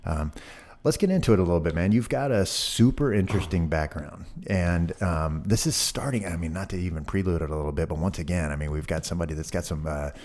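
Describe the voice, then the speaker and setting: Male podcast host, low voice, relaxed, lots of fillers, casual interview. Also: fast talker, few pauses. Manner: laid-back, filler-heavy, says "man" and "cool" often.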